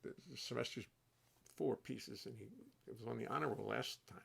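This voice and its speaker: This is an older man hosting a relaxed livestream from his home studio. His voice has a gravelly, fry-edged texture, and he rambles warmly from one story to the next. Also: mid-range voice, a little fast. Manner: rambling, chatty, warm-hearted storytelling. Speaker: host and bassist. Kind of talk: casual livestream chat.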